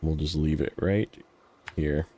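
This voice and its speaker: A man's voice: extremely low pitch, steady tone, takes it slowly, mellow. A man streaming a truck-driving game, chatting casually and reading out viewers' messages with easy laughs. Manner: jokey, reads chat messages aloud and laughs easily. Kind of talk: casual live-stream chat while playing.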